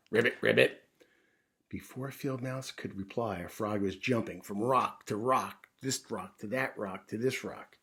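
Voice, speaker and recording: A man reads a children's picture book aloud, gently guiding young listeners and pointing out details. His voice sits in an ordinary range. It carries a soft, husky edge. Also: mid-range voice. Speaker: children's story reader. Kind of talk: storytime read-aloud.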